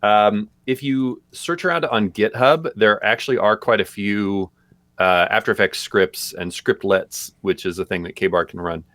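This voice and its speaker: A man's voice: fairly low pitch, a little slow, fairly bright tone, no room sound, studio quality. A man co-hosting a live stream, answering viewer questions in a loose, rambling way with lots of fillers. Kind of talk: casual live-stream chat.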